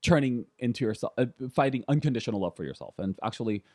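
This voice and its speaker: Guest voice: man, 30s, candid and animated, dry close mic. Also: mid-range voice, fast talker, no room sound. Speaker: podcast guest. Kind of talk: casual conversation.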